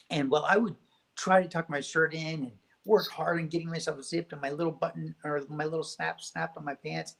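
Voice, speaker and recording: A man speaking as a guest on a spiritual talk show, telling stories in a gentle, reflective way. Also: on the high side, fairly even intonation, normal speed, vocal fry, rough recording.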